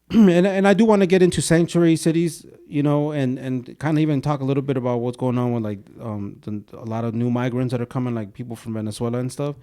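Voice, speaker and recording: A man's voice: medium pitch, steady tone, fast, dark tone, clear, resonant tone. A young man co-hosting a podcast in casual, slangy talk, saying "bro" a lot and slipping into Spanish words. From Mexico. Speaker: podcast co-host.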